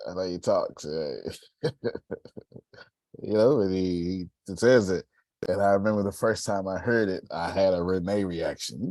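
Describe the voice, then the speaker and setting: A man's voice: low-pitched, expressive, measured pace, darkish tone, dry recording. A man from Texas hosting a motivational group call, preaching and building up to emphatic urging. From Galveston, Texas. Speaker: host.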